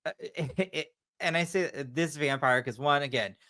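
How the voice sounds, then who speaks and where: A man's voice: fairly high pitch, normal speed, pushed and bright. A man co-hosting a horror podcast, chatting casually and gushing with slangy asides. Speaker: podcast co-host. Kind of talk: casual chat.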